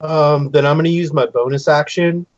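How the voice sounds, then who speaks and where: A man's voice: on the high side, fairly even intonation, moderate pace, no room sound, highs cut off. Eager hesitant male player. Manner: hesitant, filler-heavy, eager. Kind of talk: casual tabletop game chat.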